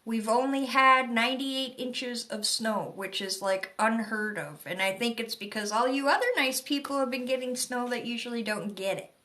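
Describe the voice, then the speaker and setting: A woman's voice: fairly high pitch, moderate pace, hardly any pauses, bright, forceful tone. A woman from Michigan's Upper Peninsula with a Yooper accent, giving chatty, rambling psychic readings on a live stream. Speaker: psychic reader. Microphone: phone or webcam on a live stream.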